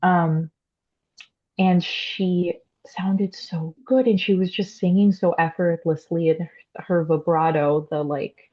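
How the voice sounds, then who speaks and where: A woman's voice: on the low side, steady tone, takes it slowly, warm tone, lo-fi sound. Young woman explaining singing, lots of fillers. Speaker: podcast guest, classically trained soprano. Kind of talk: casual interview chat.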